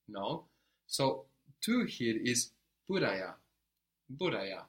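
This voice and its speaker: A man's voice: on the low side, lively intonation, unhurried, fairly bright tone. A man teaching a language lesson, patiently prompting a learner and giving short praise.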